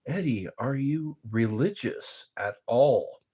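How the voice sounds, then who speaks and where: Slow, animated man hosting a livestream. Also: mid-range voice, slightly rough. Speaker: livestream host. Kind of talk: casual livestream chat, reading viewer comments aloud.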